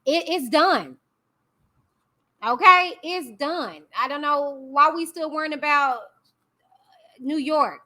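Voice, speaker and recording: Her voice is high and sharp-toned as she works through a court document live on a casual stream. Chatty throughout, she breaks away to address viewers and hums her reactions at length.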